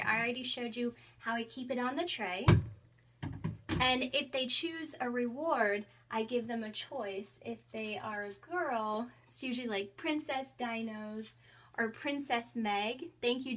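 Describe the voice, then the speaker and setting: A bright, slightly high voice from a young woman touring her tiny home classroom for online teaching. She chats cheerfully and breaks into squealing, playful reactions as she demos her tricks. She talks into a headset mic. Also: slight background noise. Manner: cheerful and chatty, bursts into squealing acted-out reactions. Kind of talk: casual classroom tour vlog. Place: small home classroom in a closet.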